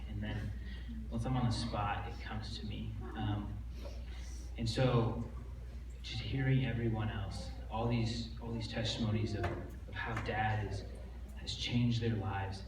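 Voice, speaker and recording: A man with a lowish voice improvises a tribute at a church open mic, rushing through his thoughts. He sounds distant and the hall echoes heavily, with steady noise under him. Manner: quick, off-the-cuff, rambling. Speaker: son giving a tribute. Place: large church hall, live event.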